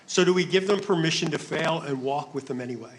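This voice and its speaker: Guy on a ministry panel, earnest, kinda higher voice. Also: fast, a little hiss or hum. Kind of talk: panel discussion.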